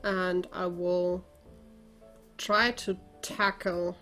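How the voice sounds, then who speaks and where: A woman playing a tabletop game, calmly describing what her character does. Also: fairly low pitch, soft background music. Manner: slow, thoughtful, describing her character's actions. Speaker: player. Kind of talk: casual tabletop game play.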